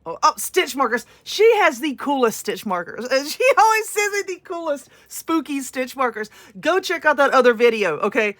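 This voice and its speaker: A woman's voice: sits high, sing-song, moderate pace, hardly any pauses, a bit bright. A woman with a Southern US accent, gushing and exclaiming as she unboxes crafting goods in a casual vlog. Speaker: crafting vlogger. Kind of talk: excited unboxing chat.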